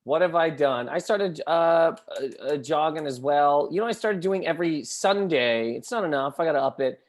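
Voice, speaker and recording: Higher-voiced wry male comedian. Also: normal speed. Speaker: comedian guest. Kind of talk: casual panel chat.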